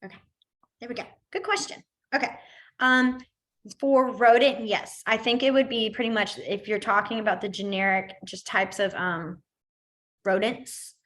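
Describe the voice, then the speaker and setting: Young woman teacher, bright tone, chatty, rambling, laughs easily. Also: mid-range voice, steady tone, normal speed. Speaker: sign language teacher. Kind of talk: online class instruction.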